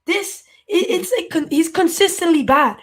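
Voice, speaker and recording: A man's voice: extremely high pitch, moderate pace. A man calling in to a fan show, ranting in an exasperated way, his voice jumping up when he gets worked up. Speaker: caller.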